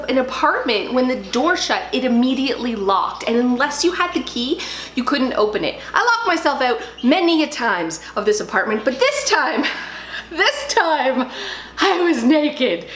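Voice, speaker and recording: A woman tells stories to camera. She is chatty and self-deprecating, and often laughs at herself. Her voice sits a bit high, and it echoes around the room. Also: a bit bright. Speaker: home organizing vlogger. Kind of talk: casual storytelling to camera. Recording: roomy echoey indoor sound.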